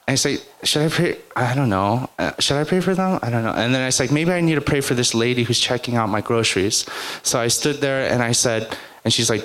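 A man's voice: medium pitch, fairly bright tone. A man preaching a sermon to a congregation, telling personal stories in a chatty way and often adding "right?" and "like". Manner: conversational, storytelling, frequent "like" and "right?". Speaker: pastor.

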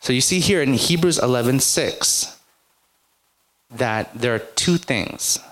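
A pastor with a medium-pitched, fairly bright voice delivers his sermon slowly and expressively. He chats with the congregation through personal stories, leaning often on "like" and tagging on "right?".

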